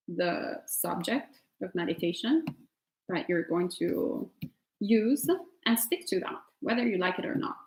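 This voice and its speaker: Italian woman teacher, gravelly voice, chatty and laughing, roomy echo on the recording. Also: medium pitch. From Italy. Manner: chatty, laughs often, many fillers. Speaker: meditation teacher answering questions. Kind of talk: casual Q&A at an online retreat.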